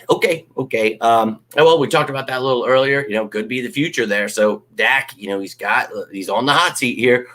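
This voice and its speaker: A man's voice: medium pitch, fairly quick, few pauses. A man hosting a live fan stream, ranting casually, swearing freely and mocking critics. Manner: animated, ranting, swears freely, mocks critics in put-on voices.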